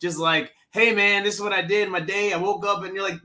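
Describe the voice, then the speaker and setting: A man co-hosting a casual movie review chat, animated and acting out scenes in little voices. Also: high-pitched, fast, few pauses. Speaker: podcast co-host.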